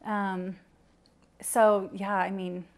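A woman's voice: mid-range voice, level tone, very slow. A young woman answering interview questions, hesitant and full of restarts, at times close to tears. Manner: hesitant, many ums and restarts, gets teary.

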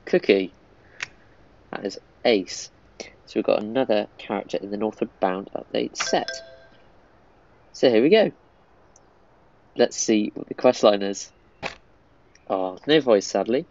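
A man's voice: on the low side, unhurried, pauses often, darkish tone, highs cut off. A man giving casual, easily amused commentary while playing a mobile game.

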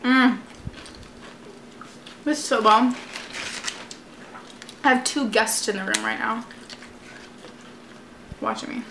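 A woman's voice: fairly high pitch, takes it slowly, creaky, pauses often, bright, forceful tone. A young woman vlogging while she eats at home, chatting casually and filling her talk with "like" and "literally". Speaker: mukbang vlogger. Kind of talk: casual eating chat to camera. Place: room at home. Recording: echoey room with background noise. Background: household noise.

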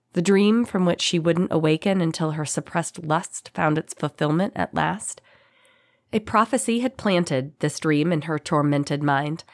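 A woman reads a fantasy audiobook aloud. Her voice sits low, and her reading is dramatic and expressive. The sound is dry and close. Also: no echo. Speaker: audiobook narrator. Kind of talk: scripted fantasy narration.

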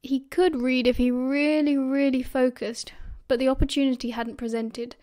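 A woman's voice: high-pitched, little pitch movement, normal speed, warm tone. British woman narrating an audiobook. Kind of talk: fan audiobook reading.

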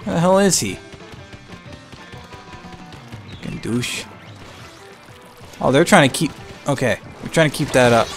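A young man giving live gameplay commentary, excitable and swinging between hype and frustrated ranting. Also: medium pitch, moderate pace, long pauses, faint music behind. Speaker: gaming channel host.

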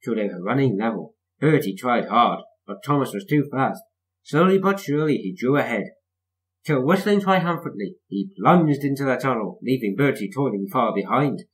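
A man's voice: medium pitch, moderate pace, poor audio. Man reading a children's story aloud. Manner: lively, expressive read-aloud. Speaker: storybook reader.

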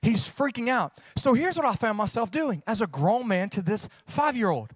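A man's voice: high-pitched, animated, moderate pace, slightly rough, dry recording. A man, preaching a sermon as a pastor, folksy and joking as he tells stories, then preaching with rising fervor.

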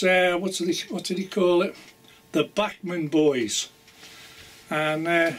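A man's voice: sits high, a bit bright, distant mic. An older man chatting casually to camera about his model railway, rambling and chuckling often.

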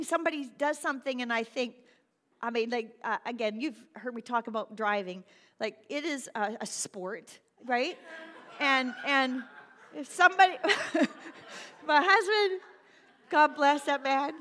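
A middle-aged woman pastor preaching a sermon in a church, animated and self-deprecating, acting out little voices. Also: high-pitched. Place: church sanctuary. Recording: long hall reverb.

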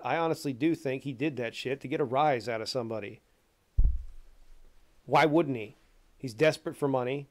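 A man talking casually and profanely on a stream, telling animated stories. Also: mid-range voice. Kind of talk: casual rant.

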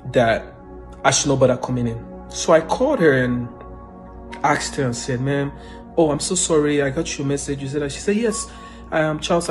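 A man giving an earnest, emotional spoken testimony, now and then bursting into loud praise. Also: mid-range voice. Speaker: testimony giver.

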